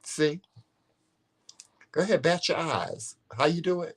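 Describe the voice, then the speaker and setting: A man co-hosting a casual comedic chat, telling stories in a sassy, profane, animated way. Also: fairly high pitch, slow, a crowd in the background. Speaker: co-host.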